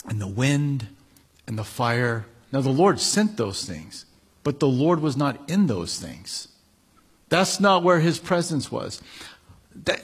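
A man's voice: on the high side, breathy edge. A male pastor preaching a sermon, reading scripture with building emphasis and then explaining it casually.

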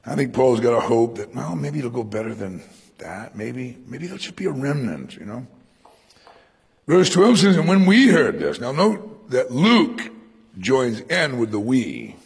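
A man preaching a sermon to a congregation in a room, animated, acting out quoted speech with sudden loud bursts. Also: medium pitch, unhurried, vocal fry, breathy edge, big-room sound. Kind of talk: expository sermon on Acts.

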